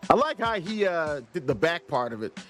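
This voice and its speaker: A man's voice: fairly high pitch, big pitch swings, moderate pace, fairly bright tone. A man casually reviewing an indie game and reading its dialogue aloud in a playful way. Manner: playful, reads game dialogue in silly voices. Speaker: let's play reviewer. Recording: game music playing behind voice.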